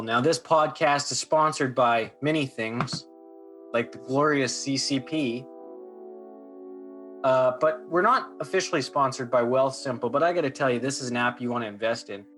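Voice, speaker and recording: A man's voice: mid-range voice, moderate pace, fairly bright tone, faint music behind. A man hosting a podcast, talking casually and then doing a dry, tongue-in-cheek mock sponsor read. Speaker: podcast host.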